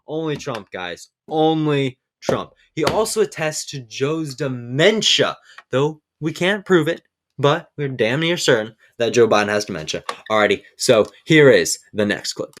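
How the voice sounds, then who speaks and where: A man's voice: medium pitch, expressive, unhurried, fairly bright tone, slight background noise. A man hosting a casual political commentary show, enthusiastic and peppering his talk with "all right". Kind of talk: casual commentary over clips.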